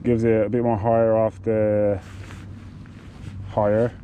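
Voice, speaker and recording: Man, cycling gear reviewer, monotone delivery, halting with restarts, faint background noise. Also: lowish voice, phone-quality sound. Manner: halting, with many fillers and restarts. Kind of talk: casual product demonstration.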